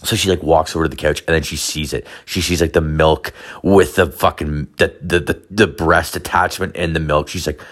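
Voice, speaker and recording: A man's voice: rumbling low, fairly even intonation, moderate pace, hardly any pauses, fairly bright tone. A man telling a profane, rambling confessional story full of filler words.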